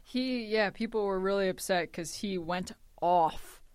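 A woman co-hosting a casual chat podcast, giggling often and jumping into loud squeals. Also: medium pitch, a little slow, no echo. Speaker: podcast co-host.

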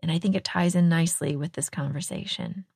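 A woman's voice: low-pitched, fairly even intonation, brisk, gravelly, darkish tone, breathy edge, dry recording, clean studio sound. A middle-aged woman from Texas hosting a podcast, chatting in a casual, self-deprecating way and laughing often. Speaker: podcast host.

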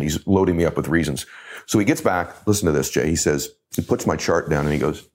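A middle-aged man with a very deep, low voice speaks as a motivational coach. He tells stories with emphatic, repeated phrasing to drive his points home. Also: fast, darkish tone. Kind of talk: intense storytelling in conversation.

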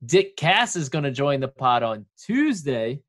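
A man's voice: medium pitch, big pitch swings, unhurried, a bit bright. A man co-hosting a casual sports podcast, chatty and playful, given to banter. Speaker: podcast co-host.

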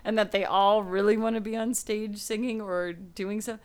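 A woman's voice: medium pitch, fairly even intonation, moderate pace, smooth. A woman co-hosting a podcast in casual chat, rambling, laughing and cutting herself off. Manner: laughing, rambling, self-interrupting. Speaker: podcast co-host.

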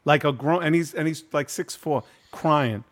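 A man's voice: fairly high pitch, moderate pace. Middle-aged man host, loose street-slang storyteller, swears freely. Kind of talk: casual storytelling chat.

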